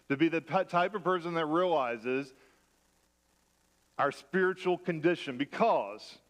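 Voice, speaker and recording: Pastor guy preaching in church, chatty and self-deprecating with a bit of a higher voice, tells stories, jokes at his own expense. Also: a bit bright. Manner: conversational, self-deprecating humor. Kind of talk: sermon with personal storytelling.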